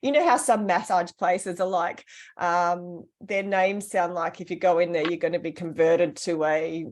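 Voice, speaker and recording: A woman's voice: fairly low pitch, a little slow. Woman telling a story. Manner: animated, acts out the voices of people in her stories. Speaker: podcast co-host. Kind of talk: casual storytelling chat.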